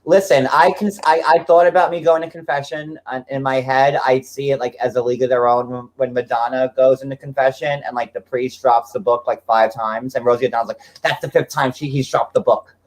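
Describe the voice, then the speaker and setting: Guy in his 40s hosting a stream, rambly, says like a lot, middle pitch. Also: level tone, brisk, few pauses. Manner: chatty, fillers of "like" throughout. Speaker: livestream host. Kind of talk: casual livestream chat.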